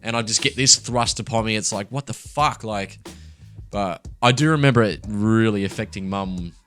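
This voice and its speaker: A man's voice: fairly low pitch, normal speed, a bit bright, faint music behind. A young man talking candidly and casually as a podcast co-host, swearing freely and laughing as he tells his story. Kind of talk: casual chat.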